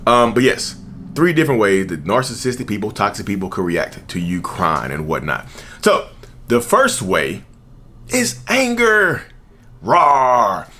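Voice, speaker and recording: A man's voice: on the low side, wildly swooping pitch, measured pace, pushed and bright, slight background noise. A man hosting his own channel, talking casually with emphatic repetition and occasional chuckles. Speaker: channel host, self-described narcissist. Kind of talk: casual talking-head commentary.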